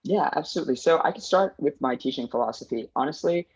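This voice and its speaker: Husky-voiced man in a casual interview. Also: a little high, lively intonation, fast talker, no room sound. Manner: earnest, enthusiastic, many fillers and restarts. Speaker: placements team manager. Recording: dull dry lo-fi sound.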